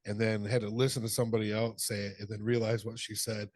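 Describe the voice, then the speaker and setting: A man's voice: fairly low pitch, flat delivery, fast talker, a little mellow, dry recording. A middle-aged man co-hosting a podcast, chatting casually, telling funny stories, laughing and swearing freely. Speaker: podcast co-host. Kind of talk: casual chat.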